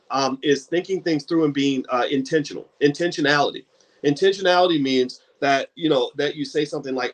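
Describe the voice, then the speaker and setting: Brief: middle-aged male host, highish voice, animated storytelling, restarts and stammers. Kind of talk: book club talk.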